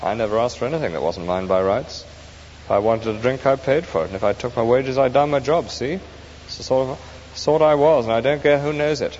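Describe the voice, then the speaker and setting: A man's voice: medium pitch, a little fast, darkish tone, close to an everyday voice. A man putting on an indignant working-class ghost. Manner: aggrieved, insistent, coarse talk. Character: indignant grumbling male ghost, working-class, self-righteous. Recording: dull echoey hall recording with faint hiss.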